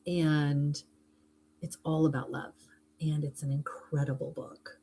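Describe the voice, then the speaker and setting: A woman's voice: low-pitched, level tone, slow pace, dark tone, a little hiss or hum. A middle-aged woman hosting a live stream, chatting casually and heartfeltly, rambling a little and thanking viewers for gifts.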